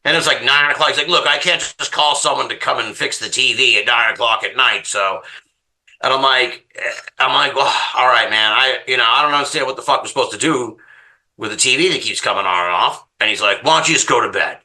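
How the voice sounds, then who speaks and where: A man's voice: medium pitch, brisk, pushed and bright. Profane, exasperated man telling a story. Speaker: podcast guest. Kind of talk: casual storytelling.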